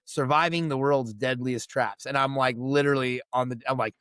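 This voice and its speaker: A man's voice: mid-range voice, steady tone, normal speed, a bit bright, clean tone, no room sound. A middle-aged man, a veteran who is the guest on a podcast, telling a story in casual chat, swearing freely and acting out the voices of people he quotes.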